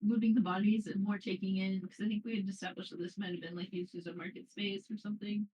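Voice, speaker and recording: Husky-voiced hesitant tabletop player. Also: mid-range voice, little pitch movement, fast talker, dark tone, rough recording. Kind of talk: casual game table chat.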